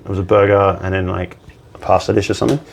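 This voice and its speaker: A bartender appearing as a podcast guest tells stories casually and animatedly, swearing and acting out the people he quotes. He talks fast in a low, gravelly voice, with slight background noise.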